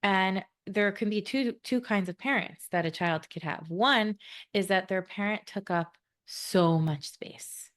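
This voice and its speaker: A woman's voice: medium pitch, unhurried. A woman co-hosting a podcast, talking in an earnest, reflective way and explaining ideas at length. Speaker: podcast co-host.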